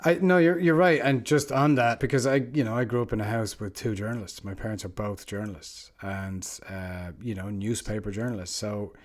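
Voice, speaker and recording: Animated man telling podcast anecdotes. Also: lowish voice, fairly quick, few pauses. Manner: animated storyteller, laughs often. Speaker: podcast co-host. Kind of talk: casual podcast chat.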